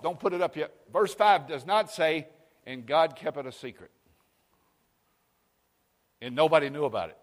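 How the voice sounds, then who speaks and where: A pastor preaching a sermon, calling for amens and swinging between booming and hushed delivery. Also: male voice. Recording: long hall reverb.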